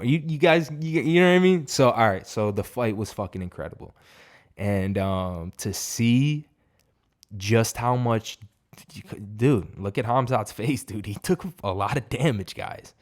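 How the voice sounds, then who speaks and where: A man's voice: low-pitched, a little mellow. A man giving a casual, profane fight reaction, rambling and emphatic. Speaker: MMA reaction host.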